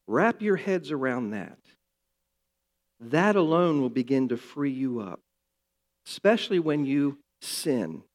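An older man preaching a sermon, earnest and building to emphatic, loud passages. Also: medium pitch. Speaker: pastor.

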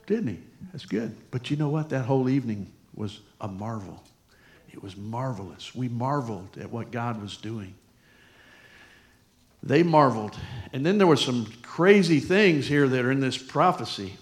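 A middle-aged man preaching a sermon, with a pitch sitting in the middle of the male range. He is folksy and chatty, slipping personal stories between scripture readings. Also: animated, moderate pace. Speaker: pastor.

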